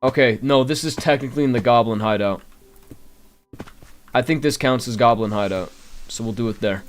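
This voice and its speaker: A man with a medium-pitched voice talks at a normal speed while commentating live on his gameplay. He's an animated game streamer who grumbles along the way and keeps talking to his chat.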